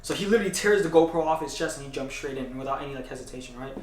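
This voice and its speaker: A young man rattles through a story at a quick clip, his voice sitting a touch high for a man. He keeps checking in with his listener as he talks. The sound is roomy and echoey, picked up from some distance off the mic. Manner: animated storytelling, tags lines with "right?". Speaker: vlogger. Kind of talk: casual storytime chat.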